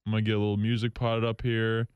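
A man hosting a solo hockey talk show from a station studio, rambling, excitable and jokingly bitter. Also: lowish voice, fast talker, clear, resonant tone, no room sound, muffled recording. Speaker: hockey podcast host.

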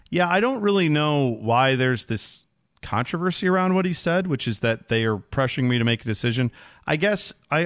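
A man co-hosting a sports podcast, chatting casually and getting animated when exasperated. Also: medium pitch, dry recording, studio quality. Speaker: podcast co-host.

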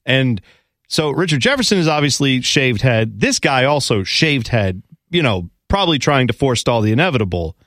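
A man's voice: medium pitch, sing-song, normal speed, fairly bright tone, no room sound. A man co-hosting a sports talk radio show, telling rambling anecdotes with dry humor. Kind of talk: casual radio banter.

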